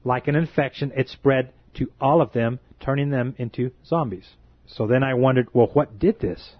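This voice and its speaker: A man's voice: medium pitch, no room sound. Earnest pleading preacher man, dry lo-fi. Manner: earnest, pleading, repeatedly addresses listeners as folks. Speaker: self-described watchman preacher. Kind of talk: sermon-style warning. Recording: dry, dull lo-fi recording.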